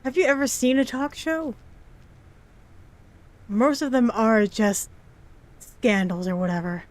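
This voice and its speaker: A woman game streamer commenting casually over gameplay. She talks slowly and a little high. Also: steady tone.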